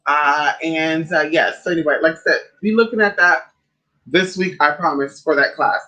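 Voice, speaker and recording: A man livestreaming as a spiritual advisor, chatting casually and sassily with viewers, calling them honey and girl. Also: moderate pace. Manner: animated storyteller with big pitch swings.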